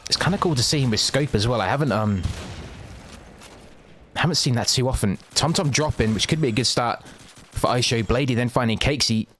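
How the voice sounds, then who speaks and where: A man giving quick, excitable live play-by-play as a game shoutcaster, with casual asides to his viewers. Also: medium pitch, slight background noise. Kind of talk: live esports commentary.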